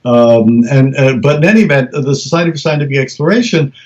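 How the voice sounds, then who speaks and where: Animated middle-aged man telling stories. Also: medium pitch, brisk. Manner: animated storyteller, many restarts, acts out quoted voices. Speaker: guest researcher. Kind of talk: conversational interview. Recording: slightly dull lo-fi audio.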